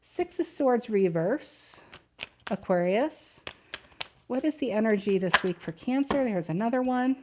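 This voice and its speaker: A woman's voice: on the high side, expressive, a little slow, noisy background. A woman doing a casual tarot reading, chatty and thinking aloud, often repeating her questions to the cards. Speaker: tarot reader.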